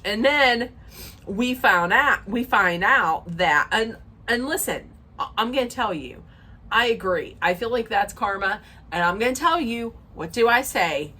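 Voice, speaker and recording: A woman's voice: fairly high pitch, expressive, measured pace, sharp tone. Chatty woman ranting about reality TV. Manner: chatty, emphatic, rambling, sarcastic asides. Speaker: reality TV recap vlogger. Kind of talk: casual opinionated recap rant.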